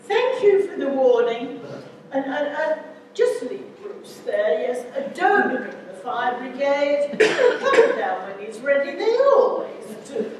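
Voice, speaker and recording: An actress playing a snobbish, fussy middle-aged housewife with an affected posh manner, in an amateur stage comedy. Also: female voice, high-pitched, sing-song, slow pace, background noise, heavily acted. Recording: echoey hall, stage mic from far off.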